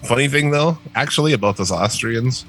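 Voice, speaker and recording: A man's voice: medium pitch, a little fast, fairly bright tone, slightly rough, faint music behind. A man co-hosting a podcast in loose, sarcastic, heavily profane casual chat. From northern United States. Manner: loose, sarcastic, swears a lot. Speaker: podcast co-host.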